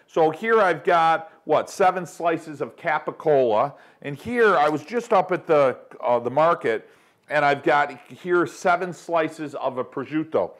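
A middle-aged man hosts a cooking show in his home kitchen, talking to viewers in an upbeat, chatty way. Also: on the high side. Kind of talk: casual cooking demonstration.

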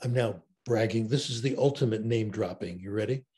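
Animated older man telling stories. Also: lowish voice, brisk. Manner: enthusiastic storyteller, animated. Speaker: interview guest. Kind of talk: conversational interview.

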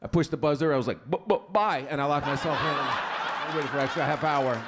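A man's voice: medium pitch, fast, a loud crowd, heavy background noise. A man performing a stand-up set at a comedy club, telling a story with stuttering impressions. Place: comedy club with live audience.

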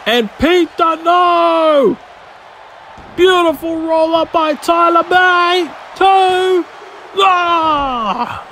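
A man with a high voice does play-by-play for a wrestling video game, drawing his words out slowly. He bursts into shouts at near-falls and big moves. Faint game sound hums behind him. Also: slight background noise. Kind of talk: excited play-by-play commentary.

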